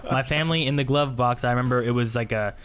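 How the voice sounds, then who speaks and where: A man's voice: medium pitch, fairly even intonation, fast, fairly bright tone, smooth. A man co-hosting a podcast, chiming in with quips and memories in casual chat. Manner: chimes in with short quips and memories. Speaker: podcast co-host.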